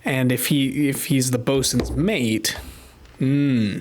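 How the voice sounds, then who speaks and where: Man, game streamer, slow unhurried delivery, muttering, thinking aloud, desk microphone, home room. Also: mid-range voice, fairly even intonation, a little hiss or hum. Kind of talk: casual live-stream commentary while gaming.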